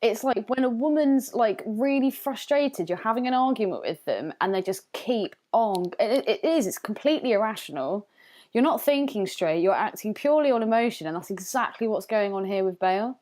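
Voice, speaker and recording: A woman's voice: a little high, expressive, normal speed, a little mellow. Blunt woman podcast co-host. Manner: blunt, emphatic, swears freely. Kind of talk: casual podcast chat.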